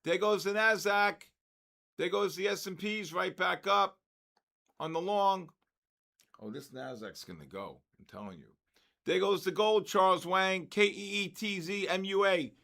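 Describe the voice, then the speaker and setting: An older man hosting a live trading stream, excitedly calling out viewers' names and market moves, his voice worn from talking. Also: high voice, a little slow, vocal fry. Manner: excitable, calls out chat names. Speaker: trading livestream host.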